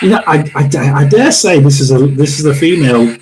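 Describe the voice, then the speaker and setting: A man hosting a live tarot and spirit box session, talking haltingly, repeating words and often clearing his throat. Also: a little high, lively intonation, heavy background noise.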